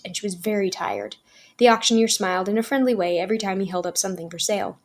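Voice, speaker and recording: A woman storyteller gently and expressively reading a children's novel aloud. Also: medium pitch.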